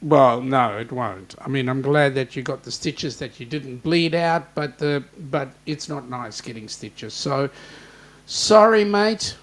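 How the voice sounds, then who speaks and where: A man's voice: mid-range voice, unhurried, fairly bright tone. An Australian man hosting a casual live-stream chat, joking and greeting viewers by name. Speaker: host.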